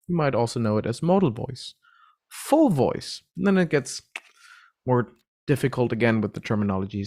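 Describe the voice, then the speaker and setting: A man teaching a relaxed vocal lesson, explaining voice registers and demonstrating the sounds himself. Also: lowish voice. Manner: relaxed, explains terms patiently, breaks into vocal demos. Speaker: vocal coach.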